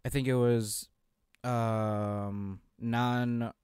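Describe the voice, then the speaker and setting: A man's voice: medium pitch, level tone, drawn-out words, a little mellow, smooth, no room sound, studio quality. A man co-hosting a podcast, rambling through casual banter and laughing often. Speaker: podcast co-host.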